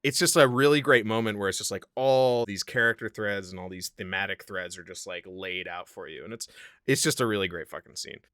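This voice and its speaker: A man's voice: lowish voice, a little fast, a bit bright, clear, resonant tone, no echo, clean studio sound. A podcast co-host, a man, enthusiastically talking through a film scene in casual chat, full of filler words. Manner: enthusiastic, lots of "like" fillers, laughs often.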